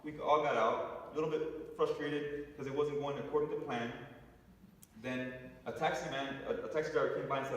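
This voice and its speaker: A middle-aged man speaking at a spiritual center, telling a personal story to an audience in an animated way with frequent restarts. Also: mid-range voice, moderate pace. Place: large hall with long reverb. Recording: echoey hall, voice from far off.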